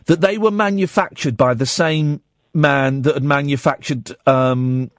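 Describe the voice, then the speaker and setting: A man's voice: a little high, unhurried, no room sound, studio quality. A man hosting a radio show, chatting casually in a rambling way with many restarts. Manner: animated, rambling, stumbling restarts. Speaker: radio host.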